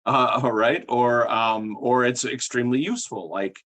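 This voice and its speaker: A man's voice: mid-range voice, unhurried, fairly bright tone. A middle-aged man from Minnesota, a professor explaining ideas in an interview, hesitant and full of fillers. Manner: hesitant, many fillers and restarts. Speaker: guest, psycholinguistics professor.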